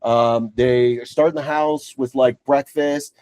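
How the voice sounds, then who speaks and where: A man's voice: mid-range voice, takes it slowly, no echo. A man co-hosting a casual podcast, telling stories with lots of swearing and acted-out quotes. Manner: animated storyteller, swears freely. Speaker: podcast co-host. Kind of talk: casual chat.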